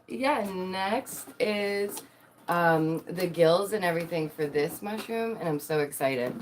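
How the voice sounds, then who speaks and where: A woman's voice: on the low side, a little hiss or hum. A woman chatting casually to her viewers in a bubbly, giggly, playful way, acting out quotes in dramatic little voices. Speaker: vlogger.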